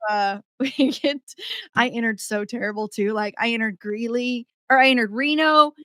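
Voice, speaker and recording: A young adult woman, a podcast guest, telling a story in animated casual chat and laughing as she goes. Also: a little high, normal speed, no echo.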